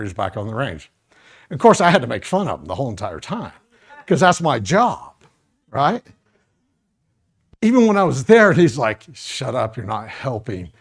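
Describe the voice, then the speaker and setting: A man's voice: medium pitch, creaky, slightly rough. A middle-aged man teaching a first aid class to a live audience, casual and joking, talking straight to the people in the room.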